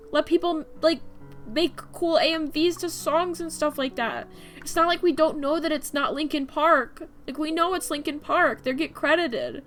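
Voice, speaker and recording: A woman's voice: sits high, moderate pace, fairly bright tone. A young woman streaming while she draws, chatting loosely and filling her talk with "like" and restarts. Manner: chatty, rambling, frequent "like" fillers. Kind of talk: casual chat while drawing on stream. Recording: faint music behind the voice.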